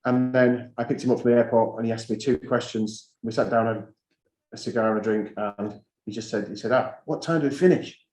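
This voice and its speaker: A man's voice: fairly low pitch, monotone, fairly quick, a little mellow. A middle-aged man, a school head, addressing fellow heads in a conversational, anecdotal way and repeating key phrases for emphasis. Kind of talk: conference talk to fellow heads. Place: school hall or conference room. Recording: roomy hall sound.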